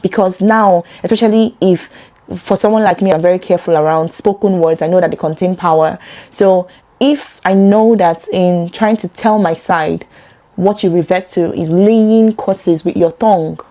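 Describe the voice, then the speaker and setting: A Nigerian woman talking earnestly to camera about a personal topic, getting animated when she quotes other people. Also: lowish voice, moderate pace. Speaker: vlogger.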